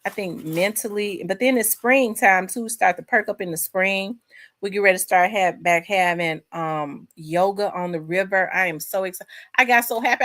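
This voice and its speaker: A woman's voice: mid-range voice, moderate pace, a bit bright. A woman hosting a casual live chat from home, rambling and talking to her viewers. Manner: chatty, rambling, addresses viewers as y'all. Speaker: host.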